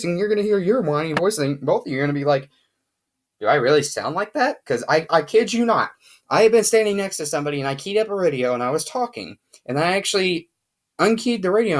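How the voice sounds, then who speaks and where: A radio equipment explainer giving a casual whiteboard lesson, talking emphatically and repeating points for stress. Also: medium pitch.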